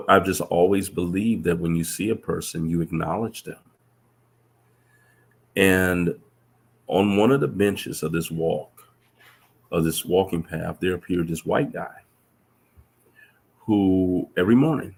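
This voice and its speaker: A professor appearing as a guest shares reflective stories during a relaxed conversation. His voice is deep and gravelly, and he speaks earnestly, often restarting his sentences.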